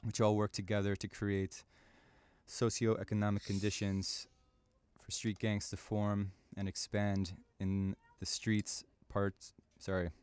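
Man with a low, flat, smooth voice. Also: no room sound. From Chicago area, US. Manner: measured, slightly read, with occasional fillers and self-corrections. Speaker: radio presenter and publisher. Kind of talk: prepared talk on radio.

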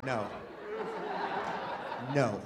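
A man's voice: very slow, a loud crowd, very noisy. A man doing a stand-up comedy set at a live venue, chatty and self-deprecating, with many restarts and laughs.

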